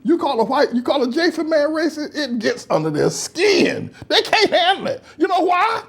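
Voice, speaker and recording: A male pastor with a high, gravelly voice gives scornful commentary on comments he reads out. His tone is husky, and he laughs often. His pitch leaps wildly between booming peaks and low asides. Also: very animated, normal speed, fairly bright tone. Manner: mocking, laughing, swings between booming highs and low mutters. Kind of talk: preacher's commentary reading online comments.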